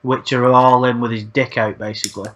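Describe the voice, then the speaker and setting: A man's voice: mid-range voice, little pitch movement, fairly quick, fairly bright tone, a little hiss or hum. A man hosting a casual chat, rambling, swearing often and repeating words as he talks. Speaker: channel host. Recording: dull lo-fi sound.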